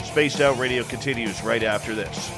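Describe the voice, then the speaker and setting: A man's voice: medium pitch, normal speed, over music. A male radio talk show host, upbeat and announcer-like.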